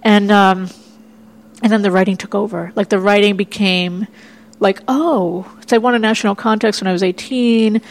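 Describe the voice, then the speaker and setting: A woman's voice: medium pitch, fairly even intonation, moderate pace. A woman playwright from Miami, chatting in an interview and acting out her own past reactions as she tells stories. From Miami, United States. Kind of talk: casual interview chat. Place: indoor room in Chicago.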